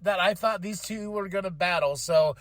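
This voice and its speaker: A man's voice: high-pitched, moderate pace, no echo. A man hosting a casual wrestling review podcast, hyped and rambling with lots of fillers. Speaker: podcast host.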